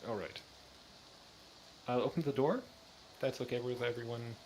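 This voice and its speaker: A man's voice: mid-range voice, normal speed, darkish tone, a little hiss or hum, rough recording. A man playing a tabletop game, casually describing what his character does. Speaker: player.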